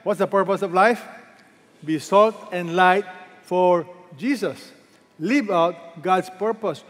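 A man's voice: sits high, slow pace, fairly bright tone, big-room sound. A man preaching a sermon as a pastor, emphatic and repeating key words, asking the congregation questions.

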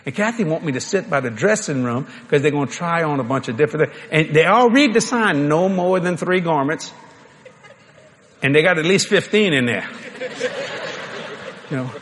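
Folksy older preacher, lively. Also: male voice, a little high, moderate pace, long pauses. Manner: folksy, animated, joking with the crowd. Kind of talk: sermon storytelling.

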